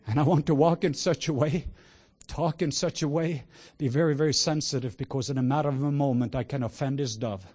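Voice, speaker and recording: A man preaching a sermon with passion, moving between hushed words and loud exclamations. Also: a little high, steady tone, a little fast, few pauses. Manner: sprinkles in laughter and cries of "whoa".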